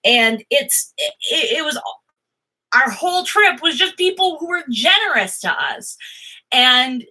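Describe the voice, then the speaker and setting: A woman's voice: on the high side, pushed and bright, poor audio. A middle-aged woman chatting casually at her home desk about tarot, rambling and restarting, acting out her own panic in bursts. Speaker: tarot vlogger. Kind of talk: casual chat to camera.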